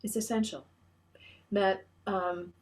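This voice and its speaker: A woman's voice: medium pitch, fairly even intonation, slow. A woman minister giving an online sermon, earnest and encouraging, often restarting her phrases. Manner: leads the congregation in a call-and-response chant.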